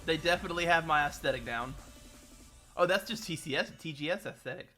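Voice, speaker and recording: A man giving casual, rambling reaction commentary as a streamer, quick to sound baffled. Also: fairly high pitch, pushed and bright, soft background music. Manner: chatty, rambling, easily baffled. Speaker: streamer reacting to a game broadcast.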